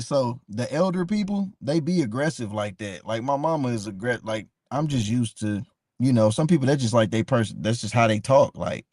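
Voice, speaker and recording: A man's voice: mid-range voice, a little mellow, dry recording, studio quality. A man hosting a live stream, talking casually and passionately to his chat, calling viewers by name and repeating himself.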